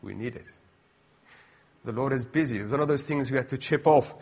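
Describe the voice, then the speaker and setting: A man's voice: medium pitch, a little fast, vocal fry, darkish tone, slightly rough. A middle-aged man preaching a sermon in a conversational way, full of asides and rhetorical questions.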